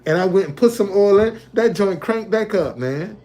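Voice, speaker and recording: A man's voice: sits high, animated, normal speed, warm tone. A man talking casually on a livestream from a hotel, looping back and repeating his points. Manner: repetitive, loose conversational, restates points. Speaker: live streamer.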